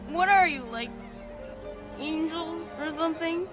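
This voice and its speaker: A woman's voice: very high voice, a little slow, music in the background. An actress playing a young woman who has just died, speaking in shaken disbelief. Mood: disbelieving. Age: young adult. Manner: shaken, incredulous. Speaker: TV drama character.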